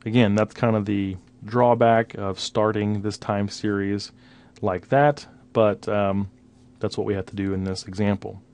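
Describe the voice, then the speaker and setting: A man's voice: fairly low pitch, level tone, measured pace, a little mellow. A man teaching a recorded slide lecture, patiently explaining numbers one step at a time. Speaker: instructor.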